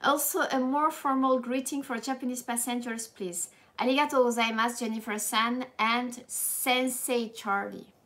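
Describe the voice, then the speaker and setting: A woman with a French accent teaching a live language lesson in a playful, animated way, laughing often and slipping into French. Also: a little high, normal speed, few pauses.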